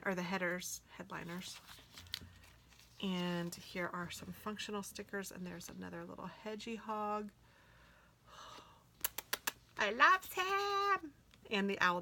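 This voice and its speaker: A woman gushing excitedly as she unboxes planner stickers for her viewers, often dropping into soft whispers. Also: lowish voice, normal speed, a little hiss or hum. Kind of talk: casual unboxing chat.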